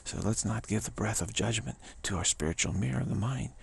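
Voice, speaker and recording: A man's voice: lowish voice, brisk, vocal fry, breathy edge. A man giving an informal spiritual talk in his own video studio, emphatic and repetitive, often chuckling. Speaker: spiritual teacher.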